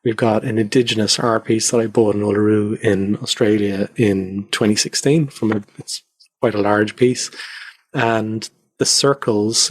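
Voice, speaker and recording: A man's voice: fairly low pitch, no echo, clean studio sound. A man guest talking loosely and reflectively with many fillers, from his converted attic at home. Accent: Irish. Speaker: podcast guest. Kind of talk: casual conversational interview.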